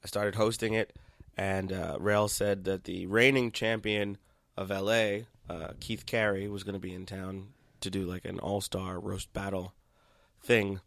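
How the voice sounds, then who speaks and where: A man's voice: low voice, little pitch movement, a little slow, gravelly, fairly bright tone, no room sound. A stand-up comedian from Queens, chatting casually as a guest, laughing often and swearing freely. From Queens, New York. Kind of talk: casual chat.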